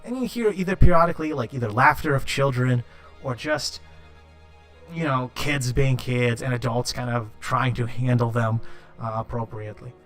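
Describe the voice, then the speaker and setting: A man's voice: medium pitch, normal speed, a bit bright, faint music behind. Casual man running a tabletop game. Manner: casual, many fillers like "like" and "um". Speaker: game master.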